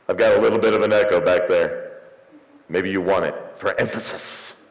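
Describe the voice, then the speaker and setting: A man preaching a sermon as pastor, rising into emphatic swells and slowing for pauses. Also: deep voice, expressive. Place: church sanctuary. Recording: echoey church hall, some distance.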